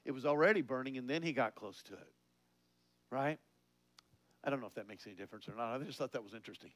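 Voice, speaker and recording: This preacher keeps his sermon conversational, often breaking into laughter and quizzing the audience, getting louder and higher when he stresses something. His delivery is quick, and the recording is dry.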